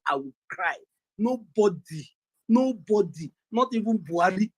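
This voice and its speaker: A man from Nigeria arguing politics in a forceful, defiant and emphatic way. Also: sits high, poor audio. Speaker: debate participant. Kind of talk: impassioned political argument.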